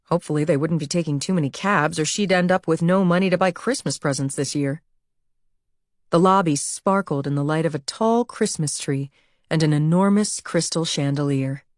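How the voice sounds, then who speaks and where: A woman narrating an audiobook with even, measured storytelling. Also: sits low, no echo, studio quality. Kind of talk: scripted narration.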